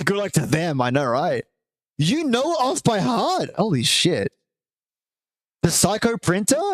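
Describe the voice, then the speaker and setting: Chatty streamer man, slightly high voice. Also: big pitch swings, unhurried, husky, no room sound. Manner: chatty, affectionate to viewers, swears casually. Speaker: livestream host. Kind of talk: casual live-stream chat and reading.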